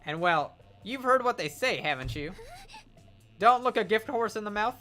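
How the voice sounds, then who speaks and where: A streamer voicing a pampered, anxious young princess who frets out loud, reading game dialogue with theatrical questions. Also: mid-range voice, animated, normal speed, soft background music, voice pushed up. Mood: fretful.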